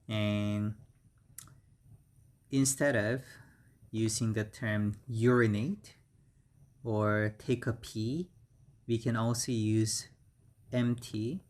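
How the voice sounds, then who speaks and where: Slow, careful Korean-accented male teacher. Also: on the low side, fairly even intonation. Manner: slow, careful word-by-word delivery with repeated words and fillers. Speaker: English teacher. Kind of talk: slow vocabulary lesson.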